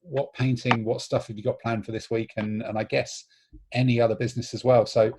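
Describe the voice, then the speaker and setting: A husky English man hosts a relaxed group chat over a call. He rambles warmly along with many ums and restarts, steering the talk between friends. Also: medium pitch, a little fast. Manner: chatty, leads the conversation with frequent ums and restarts. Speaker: host.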